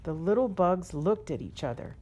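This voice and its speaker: A woman reading a children's picture book aloud in a gentle, unhurried storytelling manner. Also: lowish voice, animated, husky. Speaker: storybook reader.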